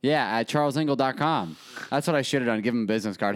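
A man's voice: medium pitch, fast talker. A young man co-hosting a podcast, telling profane, jokey stories in casual chat. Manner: laid-back storyteller, profane, jokey. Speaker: podcast co-host.

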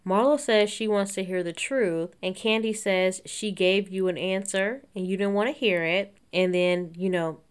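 A chatty woman runs through a reality show episode in casual gossip style. She is opinionated and quotes the cast in snippy little bits, laughing as she goes. Her voice sits at a middle pitch. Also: steady tone, moderate pace, few pauses, clean tone. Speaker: reality TV recap host.

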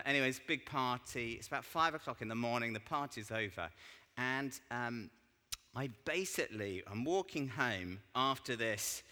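A man's voice: mid-range voice, bright, forceful tone. A man giving an informal sermon as a church speaker. He tells stories in a chatty, self-deprecating way. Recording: long hall reverb.

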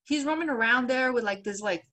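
Woman, podcast co-host, casual storytelling, slightly high voice, acts out the quotes, swears loosely. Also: brisk. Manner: animated retelling, acts out quoted voices, laughs often.

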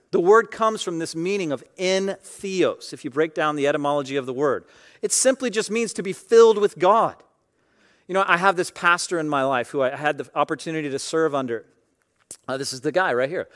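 A man preaching a sermon in a conversational way, often saying "like", dropping to quiet asides and rising to loud, emphatic bursts. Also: on the high side. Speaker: pastor.

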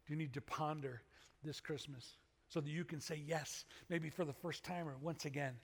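A pastor giving a conversational sermon, moving between loud animated bursts and quiet earnest asides. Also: male voice, fairly high pitch, moderate pace, gravelly, slightly rough. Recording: long hall reverb.

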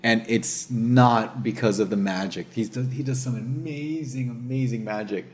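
A man's voice: medium pitch, husky. A man hosting a casual chat, telling a story with energy, swearing and acting out what others said. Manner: animated, slangy storyteller who swears and says dude and bro; acts out others' words in quick asides.

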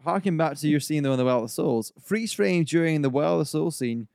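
A man's voice: on the high side, animated, brisk, vocal fry, a little mellow, dry recording, clean studio sound. A man hosting a casual podcast chat, enthusiastically walking his co-hosts through film trivia. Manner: enthusiastic, trivia-led storytelling. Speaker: podcast host.

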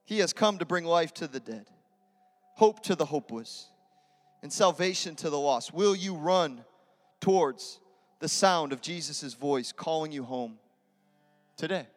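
A male pastor preaching an impassioned sermon to a congregation in church, building to loud, emphatic repetitions. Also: a little high, lively intonation, unhurried, pauses often. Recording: long hall reverb with music behind.

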